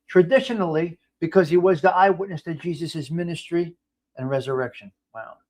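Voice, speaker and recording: A man's voice: fairly high pitch, fairly quick, a little mellow. A man hosting a casual live stream, talking in a blunt, rambling way with frequent restarts. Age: 50s. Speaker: host.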